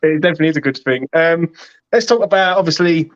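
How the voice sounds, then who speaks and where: A man's voice: on the high side, lively intonation, fast, lo-fi sound, a little hiss or hum. A man hosting a casual chat show, chirpy and full of banter. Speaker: host.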